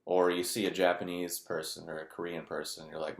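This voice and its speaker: Deep-voiced man, blunt and profane. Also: flat delivery, a little fast, hardly any pauses. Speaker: vlogger. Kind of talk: candid personal monologue. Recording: roomy echo.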